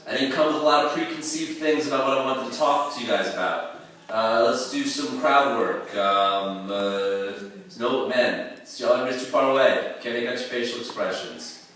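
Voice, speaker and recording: A man in his thirties doing a stand-up set at a comedy club, rambling and crude, with halting fillers and self-mocking asides. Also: mid-range voice, fairly bright tone, distant mic, slight background noise. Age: 30s. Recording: echoey room heard from afar.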